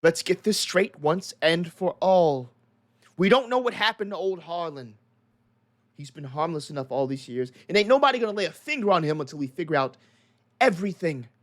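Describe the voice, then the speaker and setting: A man's voice: fairly high pitch, animated, moderate pace, a bit bright, pitched above the performer's own voice. A man doing a stern small-town constable. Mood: firm. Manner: stern, commanding. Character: gruff middle-aged male small-town constable.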